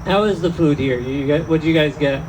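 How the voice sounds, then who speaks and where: A man's voice: a little high, normal speed, background noise. A man doing a rambling, self-deprecating stand-up set in an outdoor tent, often trailing off mid-thought. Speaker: stand-up comedian.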